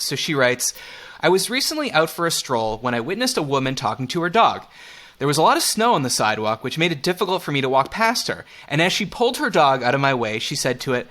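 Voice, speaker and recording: A man hosting a casual podcast with a slightly high, bright voice. He reads listener mail and tosses in playful remarks, and his pitch moves a lot. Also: very animated, fairly quick. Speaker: podcast host. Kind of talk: casual chat, reading listener letters.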